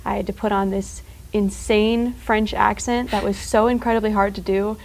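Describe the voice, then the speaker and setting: A teenage girl chats as a guest on a student talk show. She rambles loosely, stringing her thoughts together with fillers and quick laughs, in a voice at an ordinary middle pitch. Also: flat delivery, a little mellow, rough recording. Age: teens. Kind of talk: casual chat.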